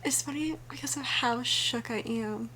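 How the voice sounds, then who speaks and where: A young woman vlogging her reactions to a fantasy series, excitable and often dropping to a whisper. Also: on the high side, moderate pace. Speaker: book vlogger. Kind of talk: casual reading reactions. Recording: faint background noise.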